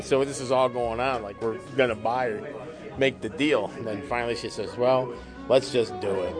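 Male, average pitch, laid-back storyteller who laughs often, with music clearly heard behind him. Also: fairly even intonation, moderate pace. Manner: chatty, laughs through his own story. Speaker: police officer telling a story. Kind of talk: casual anecdote telling.

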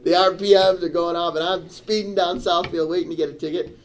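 A middle-aged man tells a story in casual chat, his voice a touch higher than most. He is animated and builds into indignant outbursts. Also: a little fast, slight background noise. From Michigan, USA. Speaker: storyteller on a talk show.

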